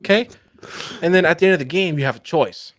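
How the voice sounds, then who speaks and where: A man co-hosting a casual podcast, ranting in profane, animated bursts. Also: fairly high pitch, quick pace, no echo, studio quality. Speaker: podcast co-host.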